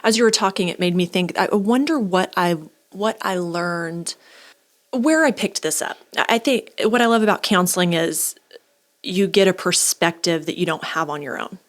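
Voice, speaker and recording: A woman in her forties co-hosting a casual podcast conversation, an animated storyteller who acts out the people she quotes. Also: lowish voice, normal speed. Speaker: podcast co-host.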